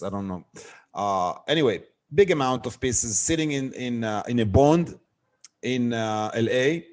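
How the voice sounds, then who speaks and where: A middle-aged man, a guest on an interview show, telling a business story and acting out the dialogue as he goes. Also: mid-range voice. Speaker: guest, wholesale seller.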